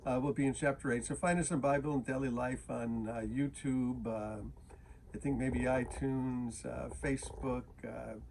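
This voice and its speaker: Gravelly pastor chatting through scripture. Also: male voice, medium pitch, fairly even intonation, moderate pace, darkish tone, slight background noise. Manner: conversational, many fillers and restarts. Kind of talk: informal Bible teaching.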